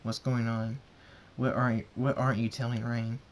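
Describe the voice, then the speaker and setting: A man's voice: medium pitch, level tone, moderate pace, slight background noise, natural voice. A man reading a fan story aloud, voicing a hot-tempered young pony son who demands answers. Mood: probing. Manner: demanding, shouting.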